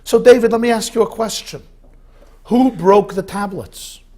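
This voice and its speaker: A man voicing an indignant elderly grandfather who loudly demands answers. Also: fairly high pitch, animated, normal speed. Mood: demanding. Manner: shouting, outraged.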